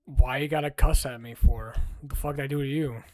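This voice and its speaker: A man's voice: medium pitch, a little mellow. Brash, profane young male streamer. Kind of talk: live game-stream commentary.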